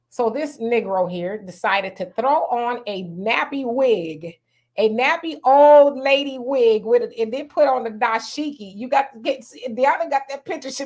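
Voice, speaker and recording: High-voiced woman telling a story. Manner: animated, laughing storyteller. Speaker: co-host. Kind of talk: casual storytelling chat.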